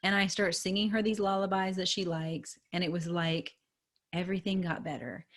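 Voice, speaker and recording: A woman in her thirties hosts a casual podcast monologue, her voice sitting a little low. She rambles through a personal story, peppering it with "like" and "um". She slips into the voices of the people she quotes. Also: steady tone, normal speed. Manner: chatty, lots of likes and ums, acts out quoted lines. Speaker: podcast host.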